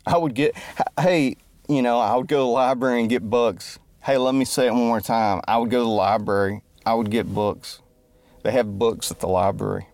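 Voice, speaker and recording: A man's voice: mid-range voice, fairly quick, a little mellow, dry recording. A man who calls himself a musician and entertainer rambles through a joking, self-deprecating monologue and keeps losing his train of thought. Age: adult, grew up before the internet. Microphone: close mic.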